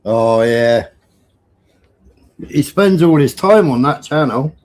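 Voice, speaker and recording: A man's voice: fairly high pitch, animated, normal speed, darkish tone. A man hosting a casual livestream, blunt and sweary with teasing banter. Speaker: livestream host.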